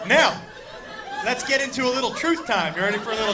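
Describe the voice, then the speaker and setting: A male stand-up comedian telling a profane, animated story straight to the crowd from a stage. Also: extremely high pitch, fast talker, background noise. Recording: live show with loud audience laughter.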